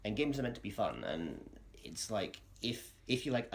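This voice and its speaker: A British man as a podcast guest, polite and quick, tripping over restarts. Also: on the low side, big pitch swings, gravelly. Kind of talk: casual podcast chat.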